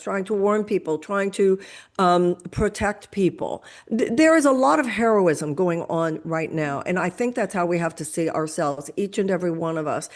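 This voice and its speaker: A woman's voice: fairly low pitch, a little mellow. An older woman, speaking as a guest and making an impassioned, lecturing political argument. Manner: emphatic, lecturing, builds arguments with examples.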